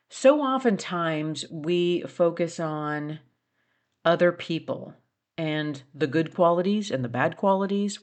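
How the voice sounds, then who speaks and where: A middle-aged woman hosts her own podcast in a slow, unhurried delivery. Her voice sits somewhat low for a woman. She reflects earnestly and presses listeners with direct questions. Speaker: podcast host. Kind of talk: reflective solo podcast talk.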